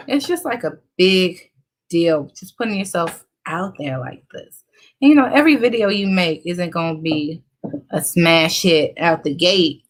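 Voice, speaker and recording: Low gravelly-voiced woman vlogger. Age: 30s. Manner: chatty, encouraging, talks straight to viewers. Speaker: beauty vlogger. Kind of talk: casual makeup tutorial chat.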